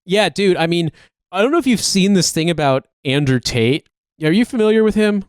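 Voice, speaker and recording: A podcast co-host from the United States chats casually in a high-pitched voice with lively intonation at a normal speed. His talk is rambling and profane, packed with "like," and his clean tone comes through in a dry recording with clean studio sound.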